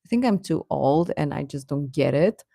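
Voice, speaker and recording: A woman's voice: low-pitched, lively intonation, moderate pace, gravelly, warm tone, no room sound, studio quality. A young woman casually chatting with viewers on a livestream, reading the chat, laughing often and ranting in exasperation.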